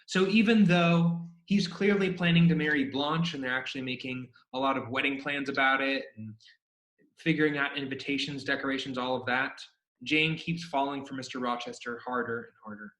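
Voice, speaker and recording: A man's voice: medium pitch, moderate pace, a bit bright. A man giving a casual chapter-by-chapter summary of a classic novel, retelling scenes in everyday slang and reading quotes aloud. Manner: conversational, paraphrases scenes in modern slang. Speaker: literature explainer. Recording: echoey room.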